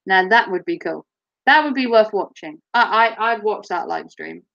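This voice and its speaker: A woman's voice: medium pitch, lively intonation, normal speed, gravelly, a bit bright, lo-fi sound. A woman chatting casually on her live stream, giggling often and swearing freely. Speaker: livestreamer.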